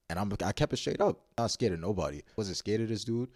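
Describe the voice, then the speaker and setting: A man with a very low voice tells a story in loose, profane slang, circling back and restarting his sentences. The sound is close and dry with no room around it. He is blunt and unfiltered. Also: animated, quick pace, darkish tone, no echo. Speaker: vlogger. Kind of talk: casual story time.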